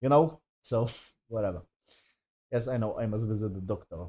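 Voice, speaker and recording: A man's voice: on the low side, normal speed, dark tone. A man giving a casual, rambling review of a TV episode, swearing often and sounding exasperated. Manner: profane, exasperated, rambling with many fillers. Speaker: TV show reviewer.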